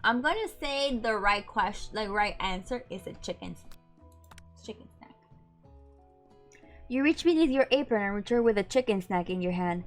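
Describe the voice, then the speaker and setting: A woman's voice: mid-range voice, animated, brisk, hardly any pauses, faint music behind. A woman streamer reading a dating game aloud, breaking off into giggly, chatty asides.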